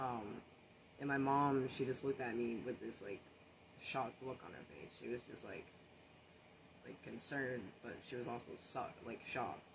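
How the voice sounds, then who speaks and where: A man casually recounting a personal story, earnest and shaken, often restarting and repeating phrases. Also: mid-range voice. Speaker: social media storyteller. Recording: noticeable background noise.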